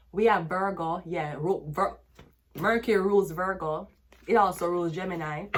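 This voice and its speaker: A Jamaican woman with a lowish voice reads tarot cards in a loud, profane rant. She curses constantly and drops into patois. A faint hiss sits under her voice. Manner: brash, cursing, switching into patois. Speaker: tarot reader.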